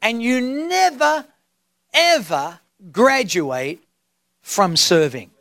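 Aussie pastor guy preaching, high voice, dry close sound, keeps asking the crowd questions. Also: expressive, creaky, fairly bright tone, no echo. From Australia. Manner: emphatic, drawn-out preaching with rhetorical questions. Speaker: senior pastor. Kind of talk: sermon.

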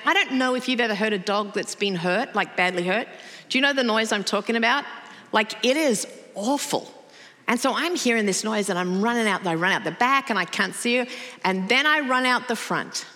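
A middle-aged woman pastor giving a sermon, telling a personal story in a conversational, animated way. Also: medium pitch. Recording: long reverb of a large hall.

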